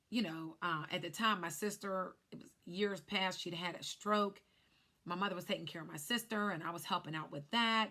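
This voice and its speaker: Bright-voiced woman telling her story. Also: fairly low pitch, normal speed. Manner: chatty, speaks straight to viewers. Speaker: life insurance agent. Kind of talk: casual personal storytelling vlog.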